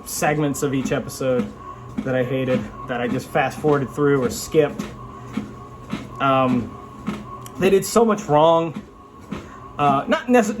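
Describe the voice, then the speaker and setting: A man talking casually to camera about a show he watched, his voice sitting a little high for a man. He rambles and restarts his sentences, frank and unpolished. A faint hum of room noise lies under his voice. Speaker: vlogger reviewing an anime. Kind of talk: casual spoken review.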